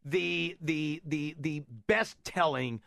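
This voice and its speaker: A man's voice: a little high, slow pace, gravelly, a bit bright. A man hosting a casual interview, eagerly cutting in with questions. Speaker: podcast host.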